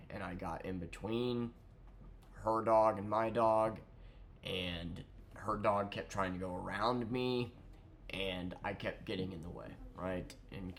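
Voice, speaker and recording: A man's voice: sits low, a bit bright, a little hiss or hum. A young man ranting sarcastically about a neighbor, swearing freely. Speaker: vlogger. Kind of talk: ranting storytime.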